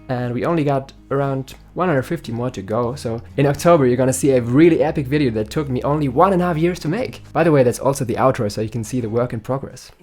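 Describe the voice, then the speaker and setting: A man's voice: mid-range voice, darkish tone. A young man from Germany, chatting upbeat and jokey as he answers viewer questions in a vlog. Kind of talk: casual Q&A vlog. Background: faint guitar music.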